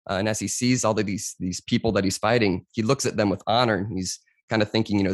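A man's voice: on the low side, steady tone, fast, few pauses, no echo, clean studio sound. A young man speaking as a podcast guest, explaining at length in a casual conversation and often saying "you know".

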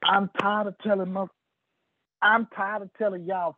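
A middle-aged man giving an animated business pep talk to his team, acting out conversations in shifting voices. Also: sits high, unhurried, dry recording, phone-quality sound.

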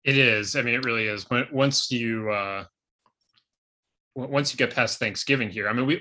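A man's voice: fairly low pitch, sharp tone. A man co-hosting a sports podcast in casual chat, loose and full of filler words and restarts. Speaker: podcast co-host.

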